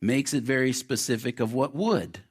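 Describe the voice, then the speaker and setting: A man's voice: medium pitch, normal speed, slightly rough. A man pastor preaching a sermon in an earnest manner, sharing a personal testimony with lots of repetition. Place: church sanctuary.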